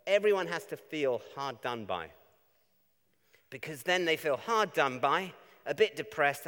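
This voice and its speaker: A man's voice: fairly high pitch, fairly bright tone. A man preaching a conversational sermon, often asking tag questions of his listeners. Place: church. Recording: long reverb of a church.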